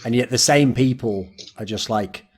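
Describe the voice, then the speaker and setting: A man's voice: medium pitch, normal speed, husky. A man hosting a casual esports round-table discussion, telling stories with boastful, swearing banter. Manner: animated storytelling with quoted voices.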